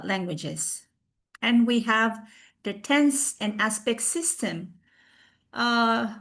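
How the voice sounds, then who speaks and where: A woman presenting a recorded online class on a video call, explaining slowly with fillers and restarts. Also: mid-range voice, fairly bright tone.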